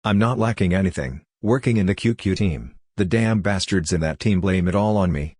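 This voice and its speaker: A man's voice: low-pitched, expressive, normal speed, darkish tone, husky, no room sound, studio quality. A man reading the lines of a bitter, hot-tempered young pro gamer who curses angrily. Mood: angry. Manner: angry, cursing.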